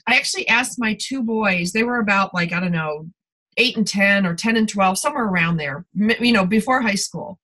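Middle-aged woman guest, candid storyteller, medium pitch. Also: a little fast, pushed and bright, poor audio. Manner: candid storytelling, many fillers and restarts. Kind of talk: podcast conversation.

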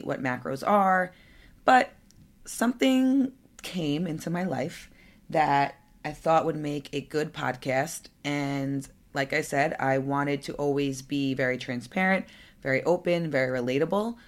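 A young adult woman hosting her own podcast, talking candidly and conversationally with fillers and asides. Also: sits low. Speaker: podcast host. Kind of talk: solo podcast monologue.

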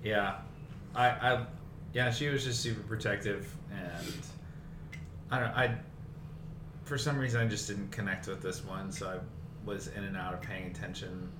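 A man co-hosting a casual movie podcast, blunt and quick with exclamations and swearing. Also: on the low side. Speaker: podcast co-host. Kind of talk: casual movie review chat. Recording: echoey room with clear background noise.

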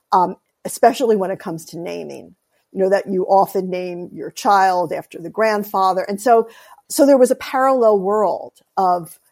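Raspy woman telling family stories. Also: fairly low pitch. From United States. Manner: animated storyteller, laughs often. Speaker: guest, author. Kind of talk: casual interview.

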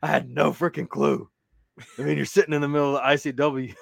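A man's voice: fairly high pitch, level tone, fast, vocal fry, no room sound. A man co-hosting a podcast, casual chat, telling stories in a laid-back way and swearing freely. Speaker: podcast co-host.

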